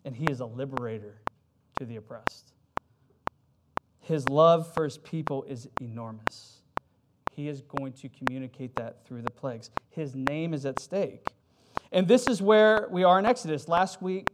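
A man preaching a sermon in a conversational way, with fillers and self-corrections, who reads scripture with rising emphasis. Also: on the high side. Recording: loud background noise.

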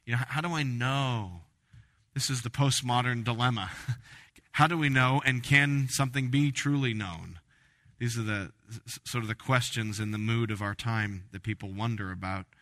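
A man preaching a sermon as pastor, emphatic and animated, with frequent restarts. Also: mid-range voice, normal speed. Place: church sanctuary. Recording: reverberant church hall.

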